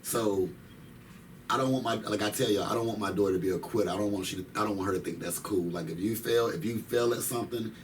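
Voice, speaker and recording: A man's voice: fairly low pitch, fast. A man in his thirties, an interview guest, telling his story in casual slang, repeating phrases for emphasis. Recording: distant mic with faint noise.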